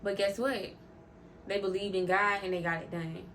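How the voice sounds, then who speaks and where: A woman vlogger talks in a loose, rambling way and often repeats herself for emphasis. She is openly emotional and heartfelt. Her pitch sits in an ordinary middle range, with a faint hiss of noise behind her. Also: level tone, moderate pace, a bit bright. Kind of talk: casual faith vlog talk.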